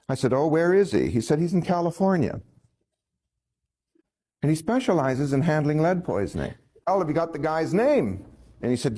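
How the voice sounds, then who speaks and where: A man's voice: mid-range voice, fairly quick. A man telling a personal story in a folksy way, chuckling and acting out what others said. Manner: folksy, chuckling, quoting others in lively voices.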